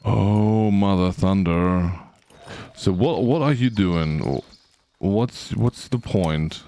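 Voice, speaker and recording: Slow, gravelly deep-voiced male streamer. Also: mellow. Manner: chatty, talks to game characters, sings little sound effects. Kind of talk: casual gameplay commentary.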